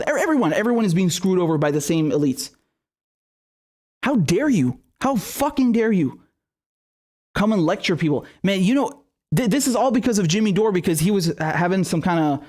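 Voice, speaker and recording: A man's voice: on the high side, a little mellow. A man giving an angry political rant as a commentator, swearing heavily and stumbling over his words in a room with a globe behind him.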